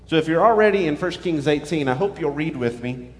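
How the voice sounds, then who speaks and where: A man's voice: a little high, animated, fairly quick. Man preaching in a reverberant sanctuary. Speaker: pastor. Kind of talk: sermon with scripture reading.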